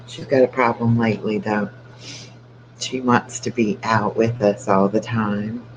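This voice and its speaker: A man's voice: on the low side, little pitch movement, a little slow. An older man chatting casually on a late-night live stream with his dog, keeping his voice down so he won't wake the house. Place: home at night. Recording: dull lo-fi with faint hum.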